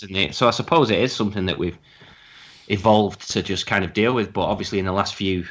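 A man's voice: sits low, fast, a bit bright. A man hosting a casual podcast, chatty and teasing, laughing along with his guest. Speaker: podcast host.

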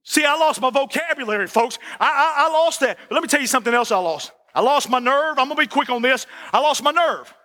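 A man preaching a sermon as the pastor, folksy and animated, repeating "listen" and asking for "amen". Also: very high-pitched, fast talker, hardly any pauses.

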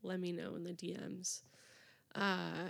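A woman's voice: lowish voice, level tone, a little slow, creaky. A young woman hosting a solo podcast, chatting casually and rambling with lots of fillers and restarts. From United States. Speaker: podcast host.

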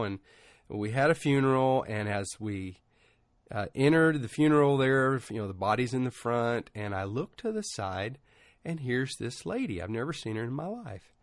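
A middle-aged male preacher talks through his sermon like a chat, drifting into stories and casual asides. His voice is mid-pitched and recorded close and dry, with no room sound, and it climbs higher when a story turns emotional. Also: lively intonation, normal speed, no echo. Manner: informal, rambling, many "you know" asides.

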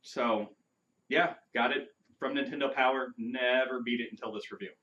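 A man talking casually as a podcast co-host, relaxed and chatty. His humor runs dry and sarcastic, and his voice sits at an ordinary middle pitch. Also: moderate pace, lo-fi sound. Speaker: podcast co-host reviewing a video game. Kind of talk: casual review chat.

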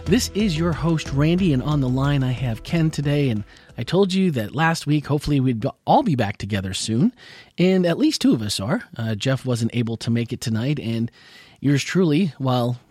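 A man's voice: mid-range voice, animated, moderate pace, darkish tone, husky, no room sound, soft background music. A man hosting a casual podcast chat, still recovering from losing his voice, rambling and chuckling as he talks. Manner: rambling, self-correcting, chuckles often. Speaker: podcast host.

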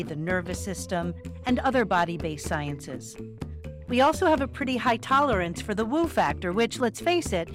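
A woman co-hosting a podcast, chatting casually and telling stories expressively. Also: medium pitch. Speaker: podcast co-host, yoga and meditation teacher.

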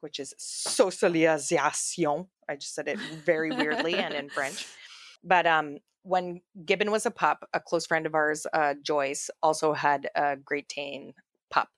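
A woman's voice: deep voice, moderate pace, no echo, studio quality. A woman co-hosting a podcast, telling stories in a loose, chatty way with many fillers and restarts. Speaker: podcast co-host. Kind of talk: casual chat.

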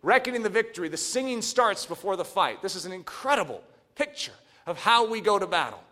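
A man preaching a sermon, animated and swinging from hushed asides to shouts. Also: high-pitched, brisk. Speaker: pastor.

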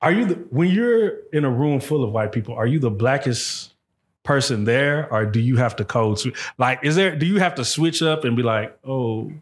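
Lively podcast host man. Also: medium pitch, normal speed. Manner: lively, jumps in with questions. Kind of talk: casual podcast interview.

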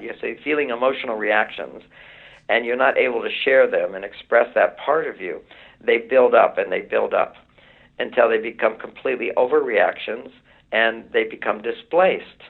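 A man's voice: mid-range voice, moderate pace, vocal fry, husky. A man in his sixties, a relationship author speaking as a radio guest, lecturing emphatically and building his points through repetition, heard over a phone line. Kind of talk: explaining advice on a radio show.

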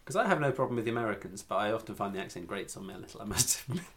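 An English man co-hosting a casual podcast chat, rambling and quick to laugh. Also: fairly low pitch, sing-song, a bit bright, a little hiss or hum. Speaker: podcast co-host.

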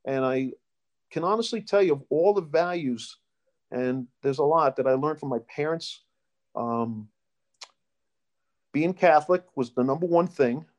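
Middle-aged man, slightly high voice, rambling storyteller being interviewed. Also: measured pace, long pauses, a little mellow. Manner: rambling, with restarts and storytelling asides. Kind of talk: casual life-story interview.

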